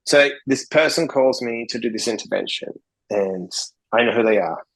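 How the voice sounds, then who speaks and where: A man's voice: medium pitch, moderate pace, fairly bright tone, rough recording. A man from Australia, a podcast guest, telling stories bluntly and swearing freely as he acts out conversations. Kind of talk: casual interview storytelling.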